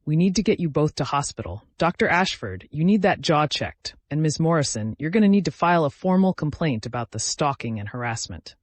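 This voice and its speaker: A man voicing a grim, businesslike female police officer giving brisk instructions. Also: a little high, very animated, no room sound.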